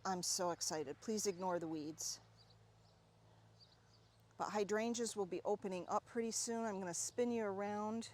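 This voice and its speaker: A woman giving a casual, chatty tour of her home garden, talking warmly and excitedly about her plants as she walks. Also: medium pitch, normal speed, pauses often. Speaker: gardening vlogger.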